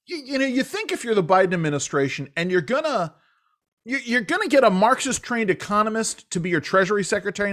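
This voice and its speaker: A man hosting a political talk show, speaking in a halting way with many restarts and fillers. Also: high-pitched, big pitch swings, fairly bright tone. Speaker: radio talk show host.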